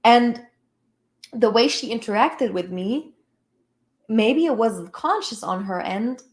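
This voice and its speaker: Woman spiritual teacher, candid personal talk, emphatic and profane. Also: mid-range voice. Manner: frank, emphatic, casual swearing.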